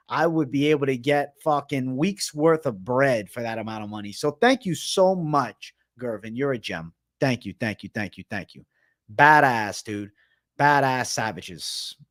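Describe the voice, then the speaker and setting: A man's voice: medium pitch, fairly bright tone. A man hosting a live MMA prediction stream in casual chat, rambling and cursing as he jokes with viewers in the chat. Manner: rambling, profane, joking with chat; hums beat sounds between topics. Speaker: MMA prediction show host. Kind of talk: casual livestream commentary.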